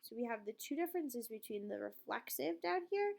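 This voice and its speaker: A woman teaches a Spanish grammar lesson. Her voice sits a little high, with a gravelly fry at the ends of her phrases. She walks through each example patiently, slowing down on the Spanish words. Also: lively intonation, darkish tone. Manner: explains step by step, checks in with "right?" and "okay?"; slows down to spell out each Spanish word.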